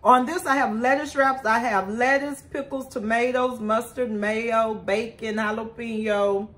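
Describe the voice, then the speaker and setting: Her tone stays steady and a bit bright, her voice a little high, and she speaks at a measured pace. She's a mother and food vlogger, eating casually on camera, discussing her food and chatting with viewers she keeps calling "y'all."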